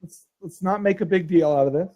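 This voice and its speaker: A man voicing an easygoing male adventurer who tries to calm others down. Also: sits high, a little fast, dull audio, close to an everyday voice. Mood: placating.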